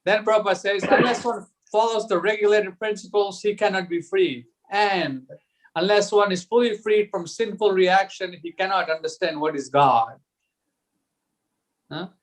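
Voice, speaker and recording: A man's voice: sits high, normal speed. A man leading a group discussion, reading conversation transcripts aloud and chuckling now and then over a video call.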